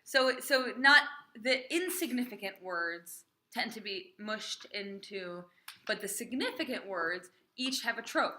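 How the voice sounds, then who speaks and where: Bright, slow-spoken woman cantor teaching. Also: medium pitch, animated, slight background noise. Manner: chatty and encouraging, often asks "right?", sings trope phrases slowly. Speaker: cantor teaching Torah reading. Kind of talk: informal small-group class.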